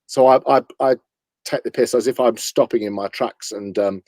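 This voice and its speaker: A man's voice: medium pitch, normal speed, darkish tone, no echo. A talkative London man on a video call, chatting easily about his stage work and laughing along. His voice sits in a middling register and sounds close and dry, with no room around it. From London, England. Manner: chatty, laughs often, slips into impressions. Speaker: impressionist and comedian guest. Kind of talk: casual interview chat.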